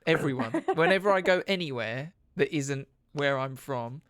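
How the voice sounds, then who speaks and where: A man's voice: mid-range voice, animated, normal speed, fairly bright tone, clear, resonant tone, no room sound. A man narrating a tabletop game as game master, laughing and a little self-conscious.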